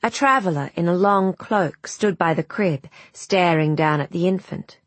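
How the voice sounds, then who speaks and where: A woman narrates a fairy tale in a measured, gentle way, her voice a little low and breathy. She reads very slowly and deliberately. The recording is dry and close. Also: dry recording. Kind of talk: scripted storybook narration.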